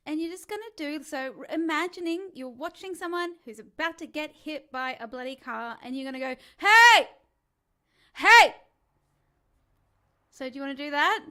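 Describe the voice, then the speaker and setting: A woman's voice: high voice, fairly quick, few pauses, a bit bright. A woman, teaching a live-streamed singing lesson in a chatty, encouraging way and demonstrating vocal sounds. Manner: chatty and encouraging, demonstrates sighs, whimpers and calls. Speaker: singing coach.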